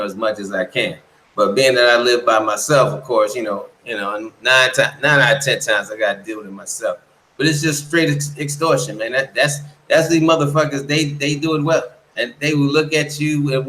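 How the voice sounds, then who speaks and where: A man's voice: mid-range voice, sharp tone, roomy sound, rough recording. A man in casual chat as a guest, telling stories in a blunt, profane way. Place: lives in the Dominican Republic.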